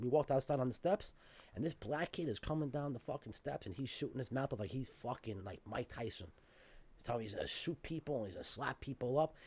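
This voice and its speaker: A man's voice: mid-range voice, breathy edge, no echo. A man telling a story in casual podcast chat, emphatic and profane in a street style.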